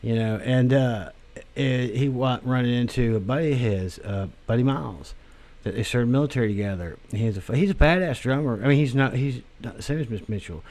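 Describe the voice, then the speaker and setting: A man hosts his own show alone, rambling through a profane monologue with lots of "you know" and "like". His voice sits at an ordinary middle pitch, and he wanders from tangent to tangent in a crude, offhand way. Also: fairly quick, a little mellow. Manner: crude, meandering, many fillers. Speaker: podcast host.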